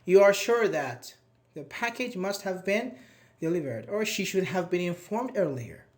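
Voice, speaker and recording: A man's voice: high-pitched, expressive, unhurried. A male teacher, leading a live online class in a chatty, encouraging way, praising students by name and asking them questions. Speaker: English teacher.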